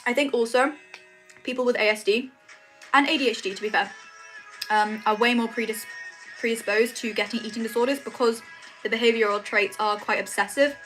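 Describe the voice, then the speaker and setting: A woman's voice: a little high, fairly even intonation, a little fast, pauses often, fairly bright tone, faint music behind. A young woman chatting casually on a livestream from her room at home, rambling with lots of "like" and "um". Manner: chatty, rambling, says "like" and "um" often. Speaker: streamer.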